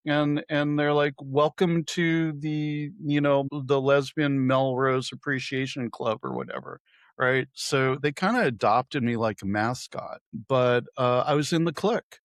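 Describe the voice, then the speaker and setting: A man's voice: mid-range voice, animated, measured pace, no echo. A middle-aged man co-hosting a podcast, telling wry, self-deprecating anecdotes in casual chat. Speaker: podcast co-host.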